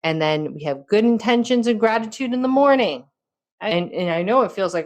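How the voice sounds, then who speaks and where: A middle-aged woman hosting a casual motivational talk, who acts out quoted lines with lively jumps in pitch. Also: moderate pace. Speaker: podcast host and wellness speaker.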